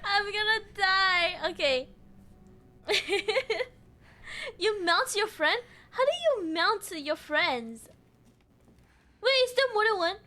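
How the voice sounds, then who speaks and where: Young woman game streamer, very high voice, lively, jumpy and swears a lot. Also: slow, long pauses. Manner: jumpy, shrieks and giggles when scared; swears freely. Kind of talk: live gameplay commentary.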